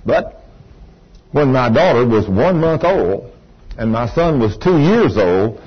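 An older man with a drawl preaches to a congregation, his husky voice rising and falling with animated swings. He tells stories with emphatic bursts. The recording is dull and lo-fi. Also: mid-range voice, takes it slowly. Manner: emphatic, storytelling preacher with sudden exclaims. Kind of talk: sermon with personal story. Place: church room with congregation.

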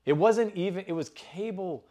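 A man's voice: sits high, moderate pace, mellow. A man in his forties from Dallas, Texas, telling stories as an interview guest in a loose, profane, casual way. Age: 40s.

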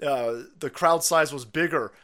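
A man hosts a livestream and rants about politics in foul, mocking language. His voice sits fairly high for a man, and he laughs between his jabs. He swings between drawn-out sneers and quick outbursts. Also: a bit bright. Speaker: streamer host. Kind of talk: profane political rant.

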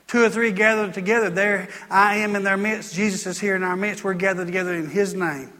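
A man's voice: high-pitched, fairly even intonation, fairly quick, bright, forceful tone, long reverb tail. A man preaching a sermon as pastor in a church, emphatic and repetitive in his delivery. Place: church sanctuary.

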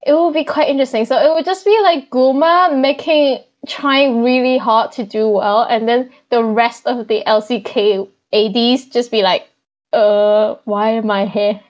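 A woman co-hosting a casual esports chat who talks in an excited, gushing way. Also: a little high, normal speed, hardly any pauses, dull audio. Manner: excited, gushing fan talk. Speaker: co-host.

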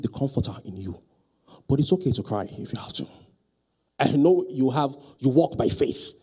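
A male pastor preaching a sermon in a church, asking the congregation questions and rising to loud, emphatic peaks. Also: medium pitch, slightly rough. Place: church hall.

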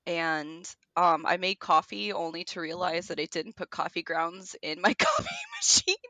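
A woman co-hosting a podcast, telling animated stories in casual chat, swearing freely and laughing often. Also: on the low side, normal speed, dry recording. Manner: animated storyteller who swears and laughs a lot. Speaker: podcast co-host.

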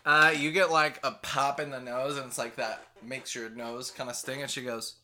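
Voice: mid-range voice, steady tone, moderate pace, hardly any pauses, sharp tone, slight background noise. A game master narrating a tabletop game, loose and laughing, with plenty of fillers.

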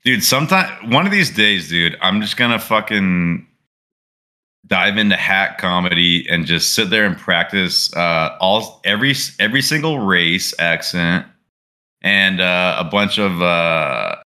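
A man's voice: low-pitched, lively intonation, a little slow, pushed and bright. A young man co-hosting a podcast in crude, joking banter. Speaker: podcast co-host. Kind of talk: casual chat.

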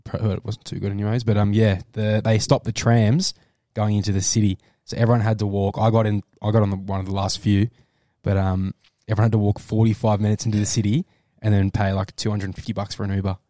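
A man's voice: on the low side, level tone, fast talker, few pauses, mellow, no echo, clean studio sound. A young Australian man co-hosting a casual podcast, telling rambling stories in slangy talk. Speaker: podcast co-host. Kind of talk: casual pub chat.

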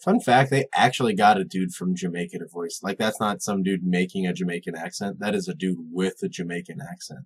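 Husky wisecracking young man. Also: low voice, brisk, hardly any pauses. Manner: wisecracking, playful interjections. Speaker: podcast co-host. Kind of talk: casual chat.

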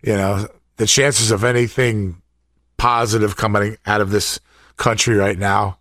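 A man's voice: lowish voice, little pitch movement, a bit bright, dry recording, studio quality. A man co-hosting a political talk show, chiming in agreeably and often stammering through restarts. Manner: halting, stammering, agreeable interjections. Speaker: co-host.

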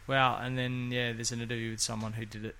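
Gravelly, bright-voiced man in his fifties. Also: medium pitch, flat delivery, fast. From Australia. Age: 50s. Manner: jokey, rambling, laughs often. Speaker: podcast co-host. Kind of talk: casual chat.

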